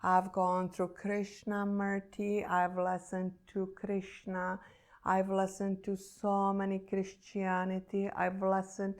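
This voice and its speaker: A woman's voice: medium pitch, monotone, slow pace. A woman who teaches meditation, telling a personal story in an earnest, emotional and reflective way.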